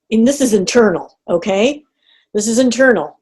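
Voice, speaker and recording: A middle-aged woman leading an online group coaching call, talking in an animated way and acting out inner reactions. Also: a little high, moderate pace, slightly rough. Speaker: coach running a group session. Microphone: video call.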